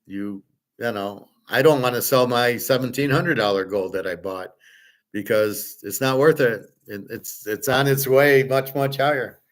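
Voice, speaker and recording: A man's voice: medium pitch, a little slow. A middle-aged man hosting a show, talking casually in a blunt, profane and exasperated way. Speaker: host. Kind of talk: casual ranting commentary.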